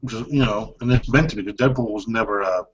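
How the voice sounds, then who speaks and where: A man's voice: lowish voice, fast, lo-fi sound. A man co-hosting a casual livestream chat, laid-back and blunt, chuckling often. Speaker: co-host.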